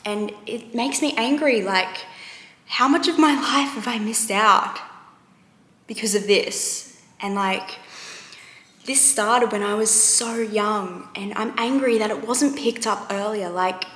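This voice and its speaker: A young woman vlogging about her recovery, talking candidly and earnestly, often trailing off into quiet. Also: medium pitch, takes it slowly. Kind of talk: candid personal talk to camera. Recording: roomy echo.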